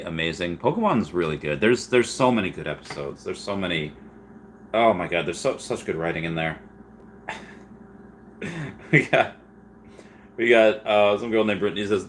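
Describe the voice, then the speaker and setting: Chatty low-voiced man rambling on a stream. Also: moderate pace, slight background noise. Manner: animated, rambling, laughs often. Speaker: streamer reading live chat. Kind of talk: casual livestream chat.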